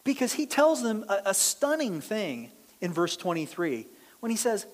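A pastor delivers a sermon as animated storytelling, slipping in and out of the voices of the people in the story. The pitch swings widely and stays lively throughout. The voice carries the long reverb of a large church hall. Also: normal speed.

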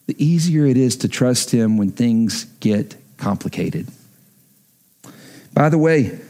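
A male pastor preaching with emphasis, his voice sitting fairly high for a man. He repeats key lines and slows down to drive them home. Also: darkish tone. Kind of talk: sermon.

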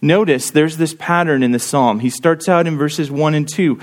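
A man's voice: a little high, normal speed. A man preaching a sermon, earnestly explaining a psalm and reading its verses aloud with rising emphasis.

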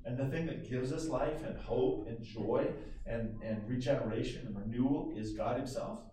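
A man preaching a sermon to his congregation in an animated, conversational way, calling for amens. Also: mid-range voice, moderate pace, a little hiss or hum. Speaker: pastor. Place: church sanctuary. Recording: echoey room from a distance.

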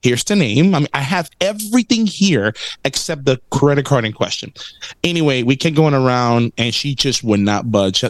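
A man in casual conversation, recounting a story with lots of energy. His pitch sits in a middle register and jumps up when he acts out other people. The sound is close and dry. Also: normal speed, no echo. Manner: animated storyteller, acts out quotes. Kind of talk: casual chat.

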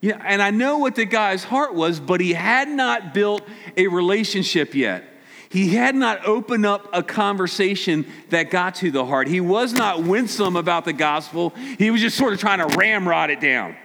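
A man's voice: sits high, expressive, normal speed, creaky, a bit bright. A man preaching a casual sermon, telling stories with a sarcastic streak and acting out quotes. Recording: long hall reverb.

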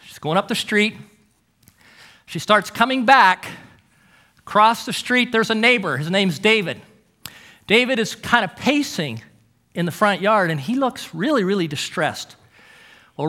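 A middle-aged man preaching, his voice high and bright as he leans into each story. He swings his pitch widely, pausing for effect and pressing hard on key words. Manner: storytelling, emphatic with dramatic pauses. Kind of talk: sermon.

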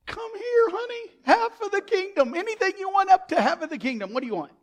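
A man voicing a grand, generous king who dotes on a young woman, in a high, booming, indulgent voice. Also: animated, fairly quick.

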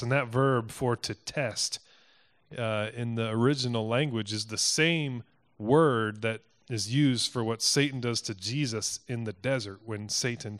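A pastor from Iowa preaching a sermon in an earnest, emphatic way that builds to forceful peaks. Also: male voice, mid-range voice. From Iowa, United States.

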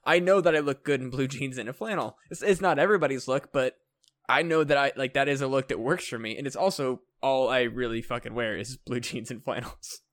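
A man co-hosting a podcast, a comedian talking in halting, rambling casual chat full of fillers and swearing. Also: mid-range voice, a bit bright, dry recording.

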